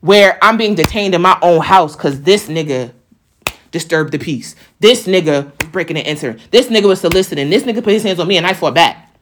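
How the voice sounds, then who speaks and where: A woman's voice: lowish voice, fairly quick, a little hiss or hum. A young woman telling a story in a casual, profane way, acting out the voices of the people in it. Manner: animated, profane, acts out quoted voices.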